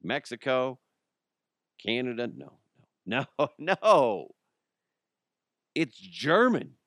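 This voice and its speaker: A man's voice: medium pitch, big pitch swings, slow pace, fairly bright tone, no room sound, studio quality. A man hosting his own podcast, talking casually in a rambling, joking and self-mocking way. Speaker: podcast host. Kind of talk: casual solo podcast talk.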